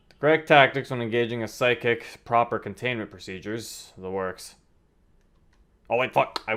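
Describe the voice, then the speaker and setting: Brief: male streamer, narrates the game and reacts loudly with lots of laughter. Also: on the low side. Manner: animated reactions, frequent laughter. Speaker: streamer reading a game aloud. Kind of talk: live stream reading with reactions.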